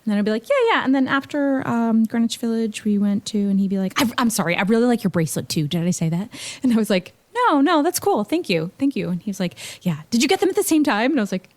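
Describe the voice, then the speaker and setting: A young woman telling a dating story in casual chat, acting out quotes with big jumps in pitch and laughing often. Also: quick pace, few pauses, a little mellow. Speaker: podcast guest.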